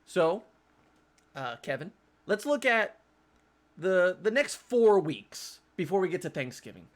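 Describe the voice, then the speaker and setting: A man hosting a casual sports podcast. His voice sits a bit higher than most men's. He talks in animated, quick bursts and often restarts his sentences as he thinks aloud. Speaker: podcast host.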